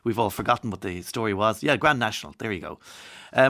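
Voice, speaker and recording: A man's voice: fairly low pitch, a little fast, bright, forceful tone, no room sound, clean studio sound. A man with an Irish accent hosting a radio show, chatting casually, joking and reading out listener messages. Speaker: radio host. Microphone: studio microphone.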